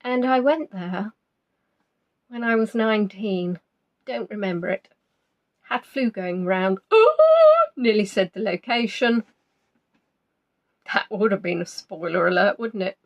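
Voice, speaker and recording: An animated woman speaks at a measured pace, leaving long pauses, while she hosts a live online quiz. Chatting with players, she teases them and reads their names and answers with wide swings in pitch.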